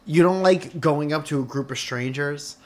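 A man's voice: fairly high pitch, moderate pace, a little mellow. A man co-hosting a comedy podcast, rambling and amused by his own bits in casual banter. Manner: rambling, self-amused storyteller.

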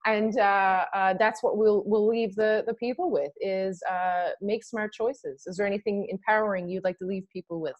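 A woman from Canada hosting a podcast, chatting in an animated, emphatic way and laughing often. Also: mid-range voice, normal speed, few pauses, dull audio. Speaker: podcast host. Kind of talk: casual conversation.

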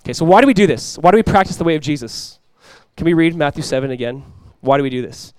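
A young adult man preaching a sermon as pastor, energetic and conversational, often restarting his phrases. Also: on the high side, fast, clear, resonant tone, no room sound.

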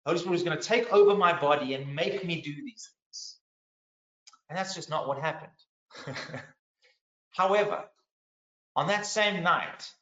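A man with a slightly high voice tells his story as a preacher, moving between loud bursts and hushed asides. The sound is dull and lo-fi, and it rings around a reverberant space. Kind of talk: sermon testimony.

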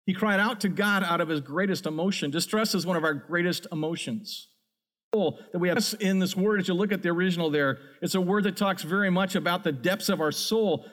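A man preaching a sermon as a pastor, earnest and emphatic. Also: high voice.

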